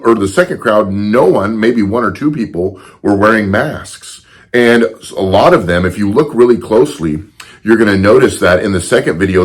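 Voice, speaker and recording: A man, hosting a podcast and explaining video clips in a measured, explanatory way. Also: deep voice. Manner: measured, explanatory, with slow pauses. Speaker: podcast host. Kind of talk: commentary over video clips.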